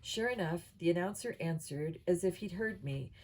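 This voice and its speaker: Mellow-voiced woman reading a kids' novel. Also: lowish voice, normal speed, poor audio. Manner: steady reading with small slips. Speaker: audiobook reader. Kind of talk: reading a children's novel aloud.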